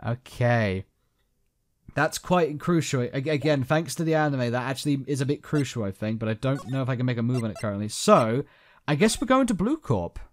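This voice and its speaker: A man's voice: mid-range voice, lively intonation, a little fast. A man casually commenting on a game playthrough, reading its text aloud and making fun of himself as he goes. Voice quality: casual, rambling, self-mocking. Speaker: gaming YouTuber.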